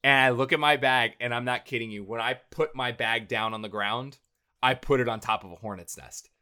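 A man's voice: medium pitch, brisk, pushed and bright, clean tone. A man co-hosting a show, telling a long story in a casual, rambling way with lots of fillers and restarts.

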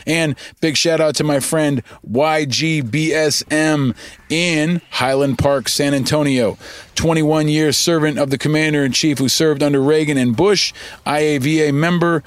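A middle-aged man hosting a podcast, reading listener shout-outs in an upbeat, emphatic way and repeating lines for effect. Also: fairly high pitch, steady tone, unhurried, no echo. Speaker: podcast host.

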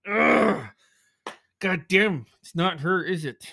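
A man recapping a horror movie in casual chat, excitable and profane, acting out his own reactions. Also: a little high, measured pace, gravelly, no room sound, studio quality. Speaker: movie reviewer.

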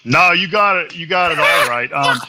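A man, a former baseball pitcher, telling a story as an interview guest in a chatty way. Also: expressive, normal speed, very noisy. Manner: chatty storytelling, acts out quotes.

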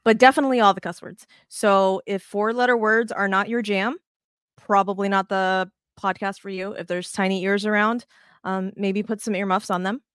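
A woman co-hosting a casual baseball podcast, talking in an animated, rambling way with restarts and plenty of swearing. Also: medium pitch, moderate pace, clear, resonant tone, no echo, clean studio sound. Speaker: podcast co-host.

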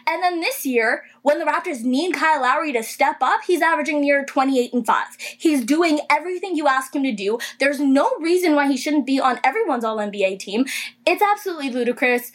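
A woman with a high-pitched voice co-hosts a casual sports podcast. She talks fast and emphatically, building into a rant. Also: expressive. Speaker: podcast co-host.

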